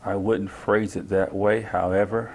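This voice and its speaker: A male interviewee answering in a slow, halting, measured way. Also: lowish voice, little pitch movement, a little hiss or hum.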